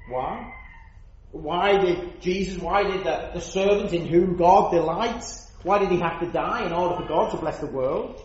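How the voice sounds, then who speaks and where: A man's voice: a little high, darkish tone. A man preaching an earnest sermon, stressing his points and asking rhetorical questions. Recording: roomy, dull church recording.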